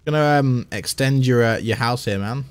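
A man's voice: mid-range voice, normal speed, clean tone. A man, chatting casually and laughing as he plays a game on stream. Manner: chatty, laughs often, thinks aloud. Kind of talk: casual gameplay commentary.

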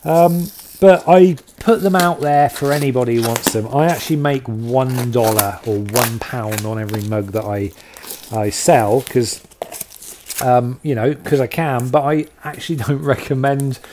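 A man's voice: mid-range voice, normal speed, darkish tone, slight background noise. A man hosting a casual video log, chatty and self-deprecating, rambling with lots of fillers. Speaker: channel host.

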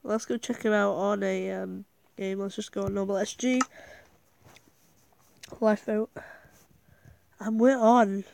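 Slow-talking chatty woman gamer. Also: medium pitch, gravelly, a little hiss or hum. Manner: chatty, excitable, thinks aloud. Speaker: gaming vlogger. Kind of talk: casual gameplay commentary.

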